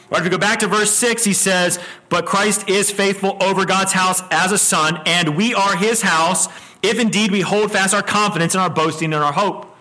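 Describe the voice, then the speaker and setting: High, bright-voiced male preacher. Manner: repeats words when starting a phrase, asks the room questions. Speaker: pastor. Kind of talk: expository sermon.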